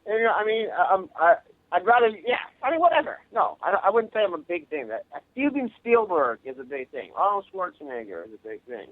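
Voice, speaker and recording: A man from Long Island, New York, a guest actor and director, talking modestly and haltingly in a casual radio interview, stumbling over restarts. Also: high-pitched, sing-song, no echo. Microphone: phone line. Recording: dry, tinny phone line.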